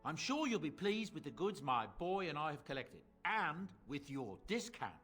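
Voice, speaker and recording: A chatty traveling merchant from a video game, gushing and courteous as he offers his goods. His voice sits fairly high and husky, and it swoops up and down with lively eagerness. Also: moderate pace, faint music behind, heavily acted. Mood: warm. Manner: effusive, courteous, salesman-like. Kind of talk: video game character dialogue.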